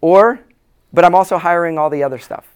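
This pastor's conference talk to church leaders comes in a smooth, fairly high voice at a slightly fast clip. Before a live audience, he stays plain-spoken and earnest, driving points home by saying important lines again.

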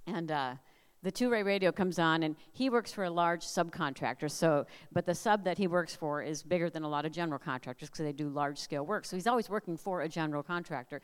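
An older woman from Minnesota giving a humorous storytelling talk at a family camp, lively and animated. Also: sits low, quick pace, clean tone. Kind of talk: storytelling sermon. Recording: long hall reverb.

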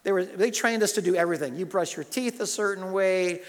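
Male pastor, fervent sermon delivery, slightly higher voice, long hall echo. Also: brisk. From United States. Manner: impassioned, swinging from loud urgent questions to hushed storytelling.

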